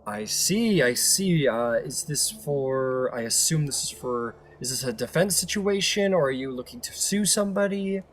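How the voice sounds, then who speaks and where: A man playing a tabletop game who narrates his character in a halting, filler-laden way. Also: a little high, lively intonation, slight background noise. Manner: halting, filler-heavy, laughing. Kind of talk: tabletop role-play chat.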